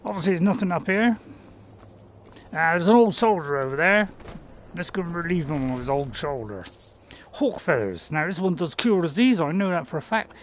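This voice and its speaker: A man's voice: on the high side, animated, normal speed, a little hiss or hum. A man giving casual, rambling gameplay commentary while playing in virtual reality, joking with viewers and laughing at himself. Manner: chatty and playful, rambling with fillers and self-mocking laughs. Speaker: game streamer.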